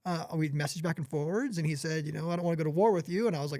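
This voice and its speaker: A man in his forties with a fairly high voice speaks as a podcast guest, earnest and apologetic, circling back and restarting his sentences. The sound is close and dry, with no room around it. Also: racing, dark tone, dry recording. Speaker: podcast guest, gear company owner. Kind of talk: candid podcast conversation.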